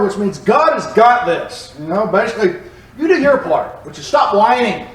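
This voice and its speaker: A man with a voice high for a male teaches a Bible passage at a moderate pace, animated and joking. He sounds far from the mic in an echoey church room.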